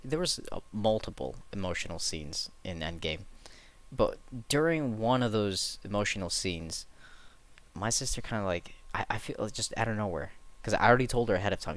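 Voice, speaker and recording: A man's voice: lowish voice, a bit bright. Rambling young man on a late-night stream. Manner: rambling, self-correcting, chuckling at himself.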